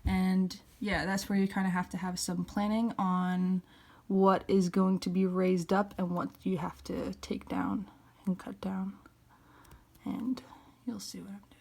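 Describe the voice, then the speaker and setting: A young woman talking through a carving tutorial in a casual, soft-spoken way, often slipping into a whisper. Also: medium pitch, little pitch movement, measured pace, vocal fry. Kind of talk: casual how-to narration.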